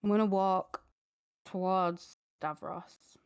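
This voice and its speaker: A woman's voice: mid-range voice, steady tone, takes it slowly, clean tone, no room sound, clean studio sound. A woman playing a tabletop game, talking casually and hesitantly with many fillers. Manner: hesitant, lots of fillers, giggly. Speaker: player.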